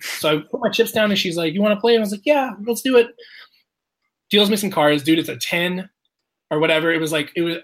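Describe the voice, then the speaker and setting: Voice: medium pitch, fast, fairly bright tone. A person telling a casual story, swearing often, laughing and acting out the quotes of others.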